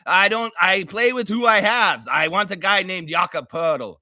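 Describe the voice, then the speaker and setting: A man's voice: high-pitched, moderate pace, sharp tone, dry recording, clean studio sound. A man hosting a sports fan livestream, ranting heatedly and sarcastically with a lot of swearing, then easing into laughing, loose chat. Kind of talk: profane ranting fan commentary.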